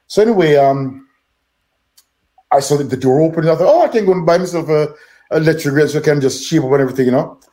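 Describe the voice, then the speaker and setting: An older man with a British accent tells long stories as a guest on a podcast. His voice sits a bit high for a man, and he repeats words and slips into the voices of the people in his stories. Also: fast, warm tone. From Jamaica. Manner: rambling, repeats words, acts out dialogue. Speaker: guest musician. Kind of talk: storytelling in a podcast interview.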